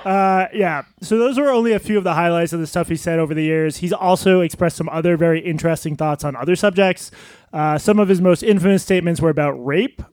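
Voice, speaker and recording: Brief: wry male podcast co-host, higher voice, dry close sound. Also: quick pace, darkish tone, no echo. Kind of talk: live podcast, reading quotes aloud. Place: live venue stage.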